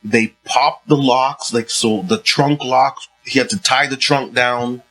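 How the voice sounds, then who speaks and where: A man telling a road trip story in a casual chat, acting out scenes with mounting excitement. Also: medium pitch, slow pace, faint music behind, poor audio. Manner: animated storyteller, acts out scenes with rising excitement. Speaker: podcast co-host.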